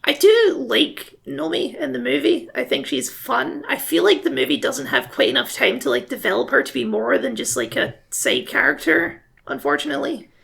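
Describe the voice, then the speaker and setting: A woman co-hosting a podcast, chatting casually about films in a relaxed, offhand way and correcting her co-host. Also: high-pitched, normal speed, gravelly, hardly any pauses. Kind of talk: casual film discussion.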